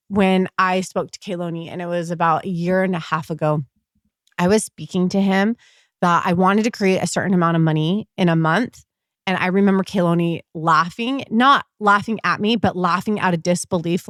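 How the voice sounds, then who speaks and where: Podcast host, woman in her thirties, earnest and upbeat, slightly low voice, dry close sound. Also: no echo. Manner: enthusiastic, earnest, motivational. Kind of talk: casual podcast monologue.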